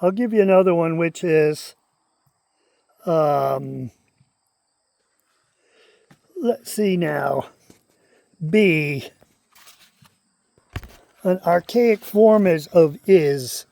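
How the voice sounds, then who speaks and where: A man with a Maine accent giving a casual, musing explanation of local speech, pausing to think between points. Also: fairly high pitch, expressive, creaky, mellow, no room sound. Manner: unhurried, musing, pauses to think. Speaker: channel host.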